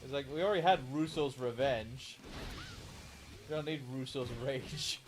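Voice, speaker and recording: A man's voice: medium pitch, normal speed. A man giving casual, joking commentary while playing a video game. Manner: joking, offhand remarks. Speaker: gaming streamer.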